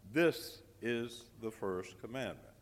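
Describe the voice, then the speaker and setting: Slow-speaking man preaching in a reverberant hall. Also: medium pitch, animated. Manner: slow, dramatic pauses, emphatic repetition. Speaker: guest preacher. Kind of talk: sermon with storytelling.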